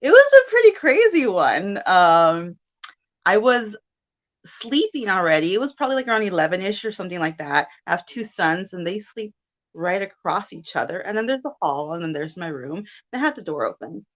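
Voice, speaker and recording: A woman in her thirties telling a personal story in casual chat, animated and quick to laugh as she acts out her own thoughts. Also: lowish voice, muffled recording. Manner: chatty and animated, with laughs and self-quotes. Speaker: guest.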